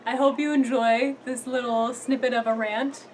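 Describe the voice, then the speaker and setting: A woman's voice: on the high side, flat delivery, normal speed, a little hiss or hum, rough recording. Chatty young woman vlogging. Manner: chatty, laughing, lots of "like" fillers. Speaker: vlogger studying abroad. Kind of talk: casual chat to camera.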